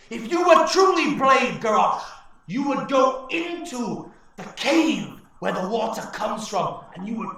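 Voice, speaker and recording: A man's voice: very high-pitched, creaky, a bit bright, very echoey, voice pushed up, full character voice. A man voicing an old male orc elder who pleads with his tribe in impassioned speeches.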